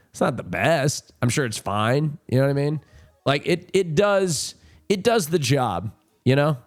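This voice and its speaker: A young man chatting casually on a livestream at home, rambling and self-mocking with lots of fillers. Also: medium pitch. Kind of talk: casual chat. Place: home streaming room.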